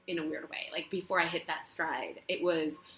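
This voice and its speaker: A woman, an actress, tells stories on herself in a loose, chatty interview. Her voice is bright and forward, and she fills gaps with plenty of ums and likes. The sound carries the echo of the living room of her own apartment. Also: low-pitched, moderate pace, faint music behind. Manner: chatty, self-mocking, many fillers. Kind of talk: casual storytelling interview.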